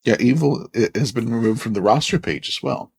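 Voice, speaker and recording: A man co-hosting a podcast in casual chat, animated and often stumbling over his words. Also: medium pitch, a little fast, creaky, breathy edge, no room sound. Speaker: podcast co-host. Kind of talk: casual chat about wrestling.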